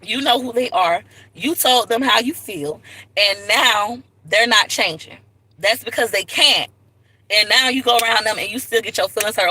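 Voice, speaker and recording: A woman holds forth on a livestream in a bright, forceful voice. She talks frankly and preaches a little as she tells her stories. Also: a little high, expressive, moderate pace, breathy edge, dry recording, poor audio. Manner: frank, preachy storytelling with asides. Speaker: vlogger. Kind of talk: casual livestream talk.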